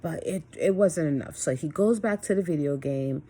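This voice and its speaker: A woman talking in a casual vlog about being a single parent, blunt and candid, mostly steady but with quick bursts of emphasis. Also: low voice, breathy edge. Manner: candid, blunt, swears freely.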